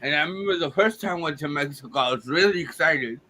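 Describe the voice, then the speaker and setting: A man's voice: fairly high pitch, fast talker, sharp tone, a little hiss or hum. A comedian from Texas doing a short stand-up set over video call, swearing freely and laughing through his story. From Texas, United States.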